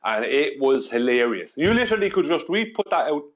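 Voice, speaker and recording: A man's voice: fairly high pitch, a little fast. Chatty guy on the panel, laughing thru his story, voice jumps around, muffled audio. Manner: animated, giggly storyteller. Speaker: panel guest. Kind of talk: casual panel chat.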